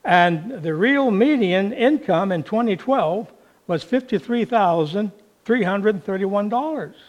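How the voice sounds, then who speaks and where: A male pastor preaching a sermon in an unhurried, folksy way, telling a story with fillers along the way. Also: high voice, animated, highs cut off.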